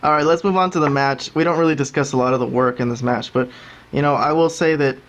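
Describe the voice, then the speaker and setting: A man's voice: mid-range voice, fast. A man hosting a wrestling review podcast, talkative, ranting and mimicking commentators. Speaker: podcast host. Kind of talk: casual wrestling review chat.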